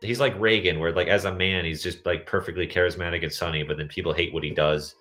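A man's voice: low voice, fairly even intonation, fast talker, pushed and bright, soft background music. A man co-hosting a podcast in casual chat, rambling from tangent to tangent. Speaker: podcast co-host.

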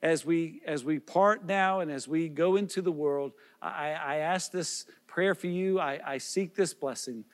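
A man's voice: a little high, measured pace, hardly any pauses, big-room sound. A man preaching as a pastor, earnest and pleading, with repeated questions and small restarts. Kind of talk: sermon.

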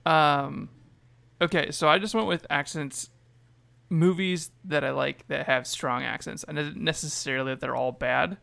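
A man's voice: a little high, fairly even intonation, normal speed, creaky, sharp tone. A man in a casual podcast chat, talking loosely with lots of fillers and swearing. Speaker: podcast co-host.

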